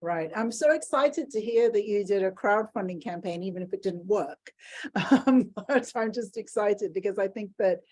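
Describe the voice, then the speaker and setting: A woman's voice: medium pitch, normal speed, warm tone. A woman hosting a video-call interview, chatty and encouraging, with many short replies. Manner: encouraging, chatty, brief backchannel responses. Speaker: interview host and business coach. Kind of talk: casual interview chat.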